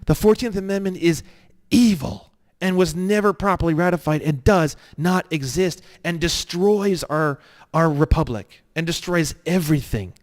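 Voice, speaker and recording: A man teaching an online course in a heated, profane lecture, ranting and swinging between low mutters and loud emphatic bursts.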